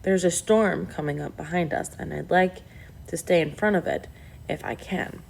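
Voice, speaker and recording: A friendly sailing father from a storybook, as a woman reader voices him. The voice sits low and gravelly, and he talks in a plain, welcoming way. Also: normal speed, darkish tone, a little hiss or hum. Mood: urgent. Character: Australian man, a sailboat father.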